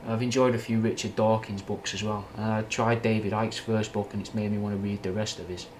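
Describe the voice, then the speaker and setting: A rambling, down-to-earth young man with a Manchester accent and a touch of Scouse, talking casually and swearing now and then. His voice sits fairly low, and faint ambient noise hums underneath. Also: flat delivery, a little fast. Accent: Mancunian with a slight Scouse twang. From Manchester, England. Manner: rambling, frank and swearing, with British slang. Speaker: livestream host answering chat. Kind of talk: casual livestream chat.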